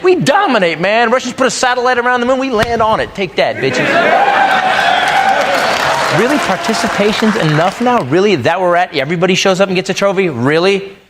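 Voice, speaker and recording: This stand-up comic, a man ranting in a mock-patriotic, exasperated way, performs live at a comedy club as the audience laughs loudly. He speaks a little fast in an animated, high-pitched voice, with a crowd audible behind him and a noisy background.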